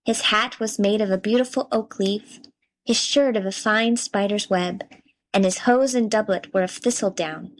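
A woman narrating a fairy tale in a measured, gently expressive storybook reading. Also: medium pitch, low-quality recording.

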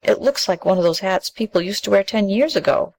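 A woman's voice: mid-range voice, expressive, fairly quick, creaky, darkish tone, low-quality recording. A woman voicing a kind, practical young village girl who speaks earnestly and politely in a storybook reading.

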